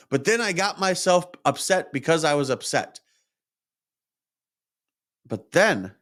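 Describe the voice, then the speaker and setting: A man who hosts a podcast speaks in a mid-range voice through a candid, self-reflective monologue about his own life. He is openly frustrated and swears at times.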